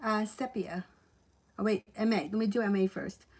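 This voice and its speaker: A woman giving casual tarot readings on a livestream from home, with a relaxed, matter-of-fact manner. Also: medium pitch, normal speed, low-quality recording. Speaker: tarot reader.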